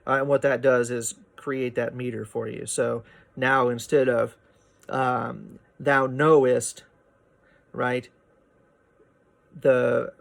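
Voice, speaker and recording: A man teaching a poetry lesson, explaining meter in a relaxed way, often checking in with "right?" and filling pauses with "uh" and "um.". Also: medium pitch, gravelly. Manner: explanatory, frequent "right?" and "uh" fillers. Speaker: literature teacher. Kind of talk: recorded poetry lecture.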